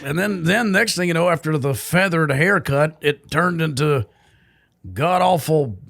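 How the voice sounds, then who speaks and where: A man's voice: on the high side, unhurried, a bit bright. A middle-aged man co-hosting a podcast, telling jokey, rambling stories. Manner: joking, rambling storyteller. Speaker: podcast co-host. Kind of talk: casual chat.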